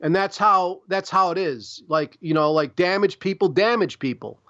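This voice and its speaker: A man's voice: high-pitched, normal speed, a bit bright, dry recording, dull audio. Profane, rambling man from Chicago. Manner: rambling, profane, streetwise, frequent "like" and "you know". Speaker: podcast guest, publisher. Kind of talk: casual interview storytelling.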